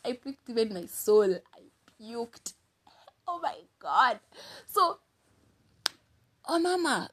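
A woman's voice: on the high side, husky. A young woman with a Kenyan accent telling a dramatic storytime monologue, mixing in Swahili slang and laughing often. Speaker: vlogger.

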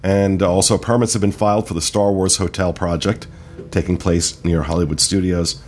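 A man hosting a casual podcast, reading out park news in a relaxed way with many fillers. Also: deep voice, normal speed, slight background noise. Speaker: podcast host. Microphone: studio mic.

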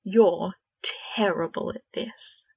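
A woman voicing a shape-shifting creature in the form of a dead young man, bitter, loud and taunting. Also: mid-range voice, takes it slowly, gravelly, husky, highs cut off, full character voice. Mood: scornful.

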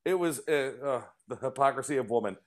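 A man in his forties hosting a podcast, telling a story in casual chat and acting out quotes in a high voice. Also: fairly quick. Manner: animated, acts out quotes in a high voice. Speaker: podcast host.

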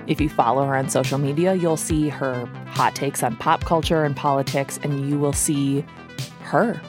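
A woman's voice: low-pitched, fairly even intonation, moderate pace. A woman with a Minnesota accent, hosting a podcast and narrating a scripted story in a wry, playful way. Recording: music bed under the voice.

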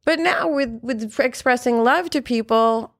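A woman's voice: a little high, measured pace, no room sound, clean studio sound. A woman in her fifties hosting a podcast, talking frankly and animatedly, with frequent swearing. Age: 50s. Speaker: podcast host. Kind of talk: candid conversational chat.

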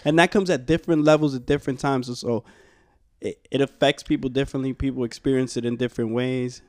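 Man, reflective and rambling casual talker, mid pitch, dry close sound. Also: steady tone, fast talker, a little mellow, no room sound. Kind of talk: casual chat.

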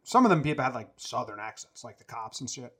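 A young man co-hosting a casual movie chat, arguing his points and trailing off quietly at the ends of thoughts. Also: mid-range voice, big pitch swings, quick pace, slightly rough. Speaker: podcast co-host. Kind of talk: casual film discussion.

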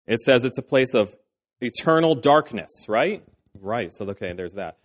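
A man's voice: medium pitch, animated, normal speed. A man, likely a pastor, giving a casual, conversational sermon in a church, full of fillers and acted-out quotes.

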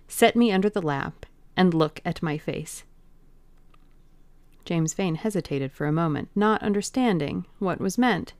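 A woman reading a classic novel aloud as an audiobook narrator, in a slow, deliberate, brooding manner. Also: fairly low pitch, creaky, darkish tone, no room sound.

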